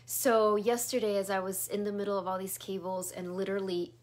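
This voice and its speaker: Soft-spoken woman giving a spiritual talk. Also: mid-range voice, flat delivery, a little fast. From Chicago area. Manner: soft, meandering, drops to a whisper at times. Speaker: spiritual teacher.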